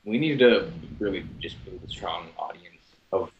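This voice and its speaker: A man's voice: deep voice, expressive, normal speed, creaky, echoey room, a little hiss or hum. Crude young man over lo-fi call. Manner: crude, laughing banter with swearing. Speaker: co-host. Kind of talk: casual talk-show chat.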